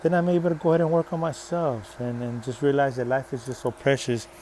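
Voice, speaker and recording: Energetic man preaching motivation. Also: medium pitch, fast, slight background noise. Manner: preachy, repeats short rallying phrases; energetic, swings between soft and loud. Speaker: motivational vlogger. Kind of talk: faith-based motivational monologue.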